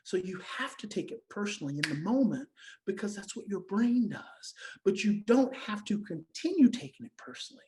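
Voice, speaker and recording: A woman giving an emphatic, repetitive motivational talk to parents, swinging between loud stresses and soft, quiet passages. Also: mid-range voice, big pitch swings, a little fast, rough recording. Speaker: parenting educator.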